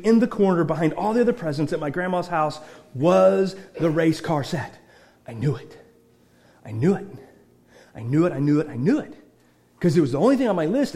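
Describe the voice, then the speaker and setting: High-voiced preaching man, hushed to shouting. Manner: repeats and restarts phrases. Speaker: pastor. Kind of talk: sermon.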